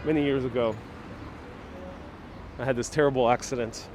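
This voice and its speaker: A man's voice: medium pitch, steady tone, moderate pace, darkish tone, a little hiss or hum. Playful sarcastic man on a city street. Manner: sarcastic, playful, laughs often. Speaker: live-stream host. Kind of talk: joking live walking stream. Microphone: wireless lapel mic.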